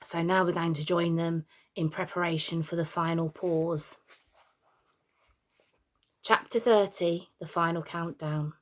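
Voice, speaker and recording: A woman reads a children's storybook chapter aloud at a plain, steady pace. She keeps a relaxed, unforced delivery, now and then slipping on a word and starting it again. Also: on the low side, measured pace, long pauses. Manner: plain, steady reading with small slips and restarts. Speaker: teacher reading aloud.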